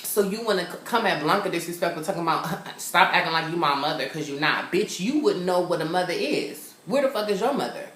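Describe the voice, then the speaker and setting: A young man from California, sassy and animated, casually recapping a TV episode and acting out the characters. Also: high-pitched, a little fast. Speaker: TV show reviewer. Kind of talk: casual chat. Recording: roomy echo.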